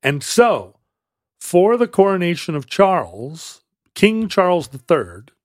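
A man co-hosting a podcast, telling a history story in a casual, halting way with frequent restarts. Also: high-pitched, big pitch swings, no room sound, studio quality. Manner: halting, many restarts and fillers, wry. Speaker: podcast co-host.

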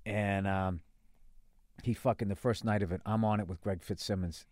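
A man hosting a podcast, telling profane comedy war stories in a casual, animated way and acting out other people's lines. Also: on the low side, normal speed, dry recording, studio quality. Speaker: podcast host.

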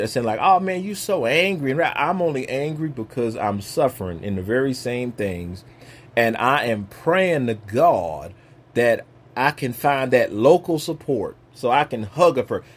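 A man preaching an informal sermon in a conversational way, swinging between loud and soft. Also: medium pitch, slight background noise.

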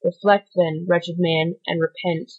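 A woman reading an audiobook, voicing a calm, solemn avenging nobleman who speaks in a measured, grave way. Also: fairly low pitch. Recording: dull lo-fi recording.

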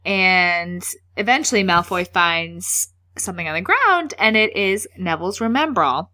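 A young woman co-hosting a casual podcast, retelling a story with lively, animated narration and quick character voices. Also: fairly low pitch. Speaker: podcast co-host recapping a book. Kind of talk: casual chat.

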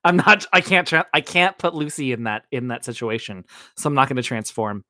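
A man takes part in a tabletop role-playing game and speaks as his character. His voice is middle-pitched and dry, and he is excitable and quick to react. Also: dry recording. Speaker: player.

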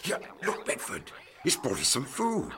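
An eccentric, wildly enthusiastic scientist, his gravelly voice leaping high and low as he muses about what he has found, as a man performs him. There is steady noise under the track of this radio play. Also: measured pace. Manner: enthusiastic, musing, talks to aliens in simple words. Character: eccentric, excitable male scientist explorer.

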